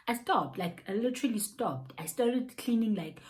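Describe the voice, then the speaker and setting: A young South African woman with a South African accent telling an animated story, laughing often and dropping local slang. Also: a little high, slight background noise, poor audio. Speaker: YouTuber. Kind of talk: casual storytime.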